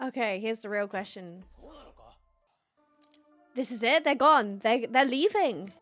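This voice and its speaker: A woman's voice: on the high side, measured pace, long pauses, fairly bright tone, soft background music. A woman hosting a reaction video, exclaiming, gasping and laughing as she watches. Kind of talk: excited reaction commentary.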